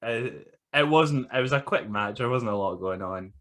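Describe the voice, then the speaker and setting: A man's voice: medium pitch, animated, moderate pace, fairly bright tone. A man co-hosting a casual podcast chat, blunt and sweary, laughing often. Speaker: podcast co-host.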